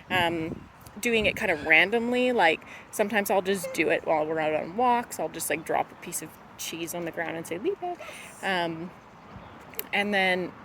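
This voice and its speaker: A woman dog trainer explaining a training exercise in a relaxed, chatty way, full of fillers. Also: on the low side. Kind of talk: casual instructional talk. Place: outdoors near traffic. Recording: noisy outdoor recording with traffic.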